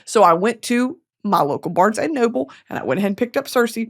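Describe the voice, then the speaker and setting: A young American woman hosting a podcast, talking in a casual comic monologue, swearing and breaking into yells and laughter. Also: medium pitch, a little fast. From United States. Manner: animated, swearing, bursts of yelling and laughter. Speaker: podcast host.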